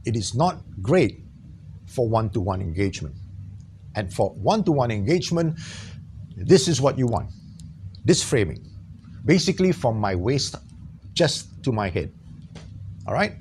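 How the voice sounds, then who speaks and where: A man teaching an on-camera tutorial in a small studio, lively and jokey, checking in with his viewers often. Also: mid-range voice, unhurried, long pauses, a little hiss or hum. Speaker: trainer.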